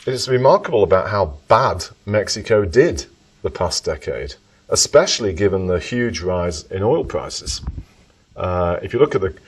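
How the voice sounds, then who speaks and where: Low-voiced man speaking from off the mic. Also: slightly rough. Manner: thoughtful, self-correcting, emphatic asides. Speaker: economist speaker answering questions. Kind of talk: lecture with audience Q&A. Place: lecture room. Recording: voice from far off the mic.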